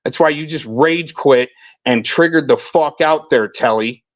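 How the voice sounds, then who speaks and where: A man's voice: a little high, measured pace, no room sound. Furious swearing man ranting on a stream. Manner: profane, shouting insults, aggressive. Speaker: stream host. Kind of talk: heated livestream rant.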